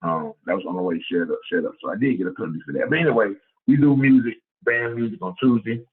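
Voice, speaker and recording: A man who coaches high school football, giving a lively, conversational clinic talk and repeating words as he goes. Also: fast talker. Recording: tinny phone-like sound.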